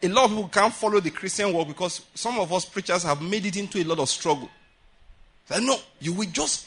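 A man preaches to a congregation in a high, bright voice with a husky edge. He talks in an animated way, acts out quotes and breaks into laughter often. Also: brisk, long pauses. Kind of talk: sermon.

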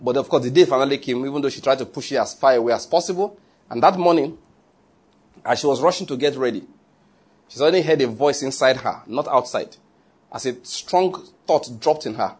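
A man preaches by telling a story in an animated, conversational way. His voice is husky and sits in a middle range. He breaks off for little asides to the congregation. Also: medium pitch, fairly quick. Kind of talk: sermon storytelling.

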